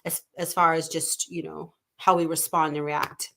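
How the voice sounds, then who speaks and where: A woman's voice: sits low, little pitch movement, moderate pace, creaky, bright, forceful tone. A woman in her thirties hosting a live talk show from home, chatting casually and reading viewers' comments aloud. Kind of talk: live-stream casual chat.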